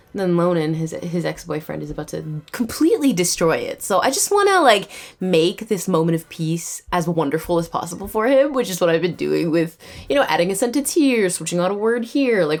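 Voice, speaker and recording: A young woman in her twenties from Canada, talking through her writing day in a chatty vlog with many fillers and light laughs. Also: on the low side. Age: 20s. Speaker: writing vlogger. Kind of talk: casual vlog narration.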